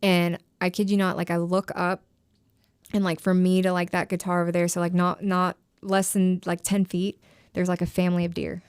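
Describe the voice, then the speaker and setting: A woman's voice: fairly low pitch, little pitch movement, normal speed, clear, resonant tone, dry recording, studio quality. A young woman sharing her personal recovery story as a podcast guest, emotional and full of "like" fillers. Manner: emotional, frequent "like" fillers, trailing phrases.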